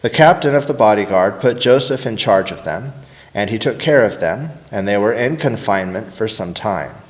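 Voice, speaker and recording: A man reading scripture aloud at a steady, unhurried pace. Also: lowish voice. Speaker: scripture reader.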